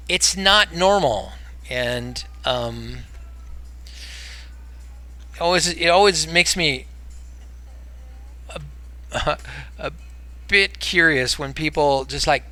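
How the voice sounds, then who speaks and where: With a voice on the high side, this American man streams a game, speaking slowly and pausing often. He chats and rambles casually, sometimes mumbling and sometimes erupting in exasperated outbursts.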